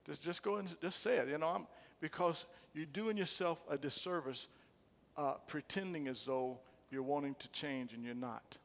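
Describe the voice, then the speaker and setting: In a church sanctuary with a long reverb tail, a pastor with a slightly high voice preaches at a moderate pace. He repeats phrases emphatically and calls on the congregation to respond.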